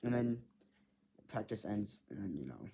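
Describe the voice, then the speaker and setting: A man's voice: on the low side, very animated, a little slow, creaky, dark tone, a little hiss or hum. Rambling, swearing young guy telling a story. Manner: rambling, heavy filler words, frequent swearing. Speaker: vlogger.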